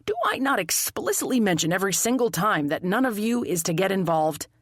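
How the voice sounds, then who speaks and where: A woman voicing a stern, dogged male police detective who speaks in a formal, measured, firm way. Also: medium pitch, very animated, dry recording, clean studio sound.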